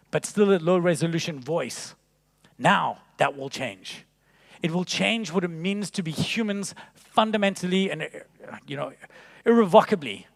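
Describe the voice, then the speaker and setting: A man giving a conference keynote talk, telling animated stories with jokes and punchlines, in a large conference hall. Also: high voice, vocal fry. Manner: jokey, animated storytelling with punchlines. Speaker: keynote speaker. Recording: long reverb of a large hall.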